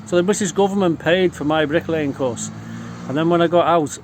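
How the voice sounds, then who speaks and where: A man's voice: on the high side, a little fast, background noise. A middle-aged man with a Liverpool accent telling rowdy, boastful stories in casual talk, swearing constantly. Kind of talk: casual storytelling.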